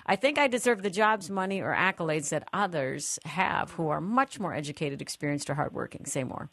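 A woman's voice: sits low, expressive, a little fast, vocal fry, fairly bright tone, no echo. A woman hosting a talk show, affirming her guest and reading listener texts. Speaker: radio show host. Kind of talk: casual chat.

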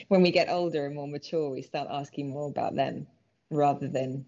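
Low-voiced British woman telling her story. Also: steady tone, moderate pace, highs cut off. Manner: earnest storytelling, soft laughs. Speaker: guest. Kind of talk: personal faith testimony.

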